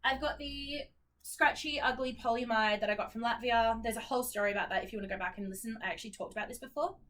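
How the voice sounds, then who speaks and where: Bright-voiced Australian woman chatting casually. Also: a little high, fast talker. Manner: chatty, rambling, apologetic, many ums. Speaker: knitting vlogger. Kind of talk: casual chat.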